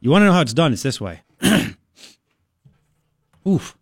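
Male talk radio host, animated delivery, dry close sound. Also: a little high, measured pace, creaky, husky, dry recording. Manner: animated, laughing, mocking voices. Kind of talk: casual talk radio banter.

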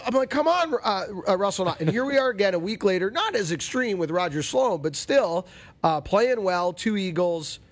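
A man's voice: high-pitched, animated, normal speed. A man hosting a golf talk radio show, in a ranting, exasperated, grumpy way. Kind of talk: animated talk-radio chat.

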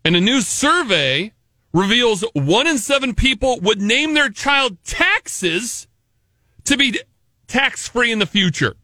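A man's voice: very high voice, sing-song, slow, bright, forceful tone, no echo, clean studio sound. A man co-hosting a morning radio show, telling jokey stories in casual banter and laughing often. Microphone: studio microphone.

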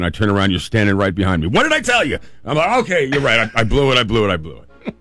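A man hosting a talk show, telling a family story in a casual, animated way and laughing often. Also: lowish voice. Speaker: radio host telling a story.

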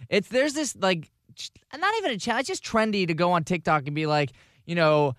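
A man's voice: high voice, lively intonation, brisk, fairly bright tone, dry recording, clean studio sound. A man co-hosting a podcast, telling a rambling story with many fillers in casual chat. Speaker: podcast co-host.

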